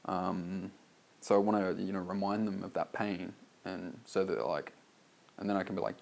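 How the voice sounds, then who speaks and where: A man's voice: sits low, fairly even intonation, moderate pace, vocal fry. An Australian man reading his own sales copy aloud and critiquing it in a loose, casual way, full of "like" and swearing. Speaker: copywriter reviewing a sales letter.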